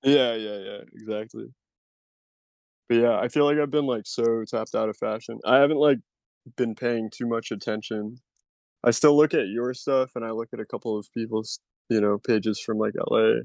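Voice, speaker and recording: A man's voice: mid-range voice, fairly even intonation, moderate pace, gravelly, darkish tone, dry recording. A man hosting a casual podcast, talking loosely and rambling, with casual swearing. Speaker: podcast host. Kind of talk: casual chat.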